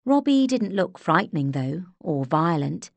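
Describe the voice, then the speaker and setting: A woman narrating an audiobook in a measured, unhurried way, close to the mic. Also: lowish voice, big pitch swings, creaky, dry recording. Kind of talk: scripted narration.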